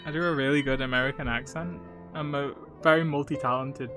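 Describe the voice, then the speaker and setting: A man streaming a visual novel live, joking and laughing often, with quick asides. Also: medium pitch, steady tone, a bit bright, faint music behind. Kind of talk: casual live game commentary.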